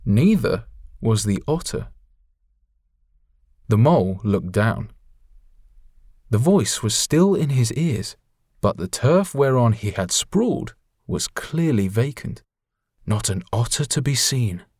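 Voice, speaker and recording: A man reading a children's story aloud in a measured, descriptive way. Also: mid-range voice, animated, darkish tone, husky, no echo, studio quality. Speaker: audiobook reader. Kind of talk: storybook narration.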